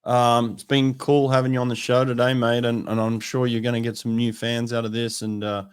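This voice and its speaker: A man's voice: mid-range voice, little pitch movement, brisk, smooth. A man hosting a podcast interview, chatting casually and encouraging his guest, calling him "mate". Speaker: podcast host.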